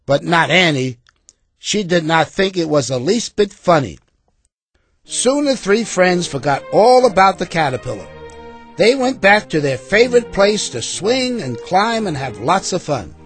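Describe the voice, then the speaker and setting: A man's voice: high voice, measured pace, faint music behind. A man expressively reading a children's story aloud as the narrator. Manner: expressive, animated.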